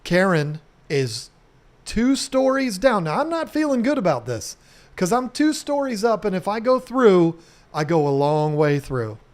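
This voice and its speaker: A middle-aged man on his home restoration vlog, talking straight to camera in a loose, animated storytelling way. His voice sits a bit high for a man. He cusses casually and breaks into silly sound effects as he goes. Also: unhurried.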